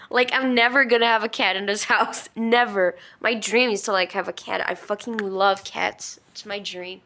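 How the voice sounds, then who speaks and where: A woman's voice: mid-range voice, steady tone, normal speed, hardly any pauses, bright, forceful tone. A woman telling a story in a casual, rambling way, full of fillers and emphatic swearing. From Brazil. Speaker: vlogger.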